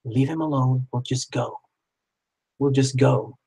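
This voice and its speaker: A man voicing his girlfriend, speaking softly in a near whisper. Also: medium pitch, steady tone, measured pace, vocal fry, breathy edge, rough recording. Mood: urging. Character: the narrator's calm girlfriend.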